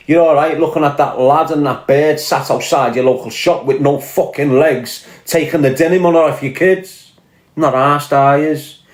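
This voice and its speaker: A man's voice: fairly high pitch, fairly even intonation, moderate pace, echoey room. Furious Scouse man ranting. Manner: shouting, profane, confrontational. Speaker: online commentator. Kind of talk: angry rant to camera.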